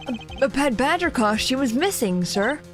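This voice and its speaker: Formal staff worker, polite and stiff, read aloud by a woman streamer, high voice. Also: sing-song, normal speed, over music. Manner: stiff, formal, says sir a lot.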